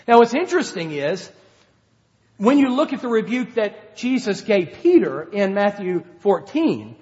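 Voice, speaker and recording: Pastor, male, high-pitched, earnest conversational sermon, long hall reverb. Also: big pitch swings, normal speed, dull audio. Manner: earnest, conversational preaching with acted-out quotes.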